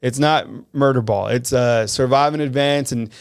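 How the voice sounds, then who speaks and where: A man hosting a live call-in sports talk show, talking in an animated, conversational way and reading fan comments aloud. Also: mid-range voice, moderate pace, clean tone.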